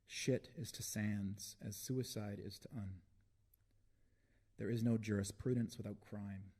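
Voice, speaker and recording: Slow, deep-voiced man reading poetry. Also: steady tone, dark tone, husky. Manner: slow, deliberate delivery with long pauses. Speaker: poet reading his work. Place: book launch reading before an audience.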